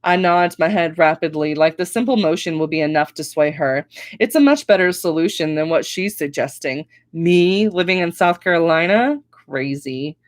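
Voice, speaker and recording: A woman reading her own novel aloud with expressive first-person storytelling. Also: on the low side, moderate pace, dry recording. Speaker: author reading her book.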